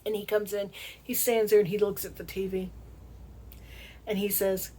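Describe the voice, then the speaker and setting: In a mellow, slightly rough voice of medium pitch with little movement, the middle-aged vlog host chats to camera in her Southern American accent. It's a casual monologue, full of laughter and slow, drawn-out emphasis.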